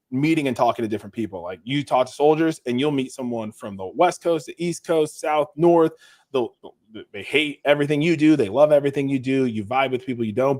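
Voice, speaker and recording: A man's voice: medium pitch, dry recording. Podcast guest, man, mid-range voice, casual and rambling, lots of restarts, dry close recording. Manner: rambling, with many restarts and "like" fillers; relaxed and self-deprecating. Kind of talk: casual interview chat.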